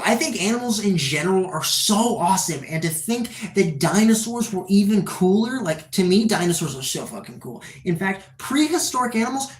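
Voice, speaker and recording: A person in their twenties livestreaming, chatting casually and rambling excitedly, swearing often and answering chat questions. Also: medium pitch, roomy sound. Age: 20s.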